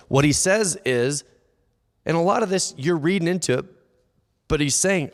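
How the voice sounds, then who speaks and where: A man's voice: fairly high pitch, moderate pace, pauses often. A man preaching a sermon as pastor, conversational and acting out quoted inner dialogue. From United States. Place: church hall. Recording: long church-hall reverb.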